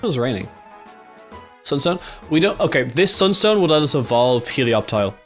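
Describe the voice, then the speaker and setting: An Irish man at a middling pitch talks through a video game run, excitable and quick to swear. He reacts out loud to every turn and thinks through his choices as he goes. Faint game music plays behind him. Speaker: gaming YouTuber. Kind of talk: casual gameplay commentary.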